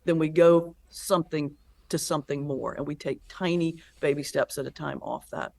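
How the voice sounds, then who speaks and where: Low-pitched and a bit creaky with vocal fry, this woman speaks at a normal speed. She's a pastor and comedian being interviewed conversationally, and she spins lively stories, performing the quoted voices herself.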